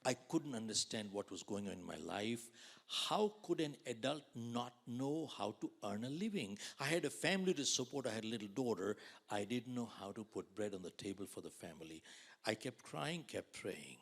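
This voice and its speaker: A man in his sixties from India, giving a dramatic storytelling keynote that swings between loud outbursts and near whispers. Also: on the low side, animated, moderate pace, vocal fry. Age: 60s. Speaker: motivational speaker.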